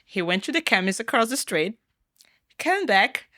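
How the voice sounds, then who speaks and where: A woman tells stories as a podcast guest in a bright, clear-edged voice. She talks haltingly, full of fillers and restarts. The sound is dry and close. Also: mid-range voice, very animated, no echo. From Brazil. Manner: halting, many uh fillers and restarts, laughs while telling stories. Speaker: guest, MMA fighter. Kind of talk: casual podcast storytelling.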